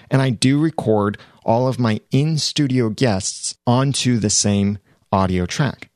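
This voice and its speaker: A man's voice: lowish voice, a little mellow, no room sound. A man who hosts podcasts explaining production mistakes in a practical, step-by-step way from his podcast studio. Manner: practical, explanatory, speaks in clear points. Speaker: podcast host giving production tips. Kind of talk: instructional talk to camera.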